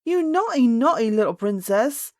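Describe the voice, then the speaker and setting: A woman voicing an angry, flustered nurse who scolds in sharp outbursts. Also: on the low side, fairly even intonation, measured pace, no echo, clean studio sound, close to an everyday voice. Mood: scolding.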